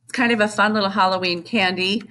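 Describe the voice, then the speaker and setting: A woman's voice: mid-range voice, fairly even intonation, quick pace, bright, forceful tone. A woman music teacher giving a recorded lesson to young children, explaining patiently and chanting rhythm syllables.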